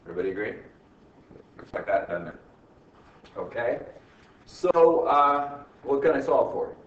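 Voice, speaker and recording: A man's voice: mid-range voice, sing-song, a little slow. Joking man lecturing a class. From United States. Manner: quizzes the class with constant tag questions, teasing jokes. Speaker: accounting instructor. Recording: echoey classroom from far off, muffled, faint hiss.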